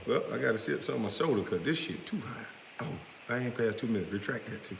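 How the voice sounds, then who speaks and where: A man's voice: medium pitch, lively intonation, fairly quick, creaky, roomy sound, in a large hall, noisy background. A man hosting a live stream, delivering a profane, confrontational rant. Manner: profane, confrontational, trash-talking.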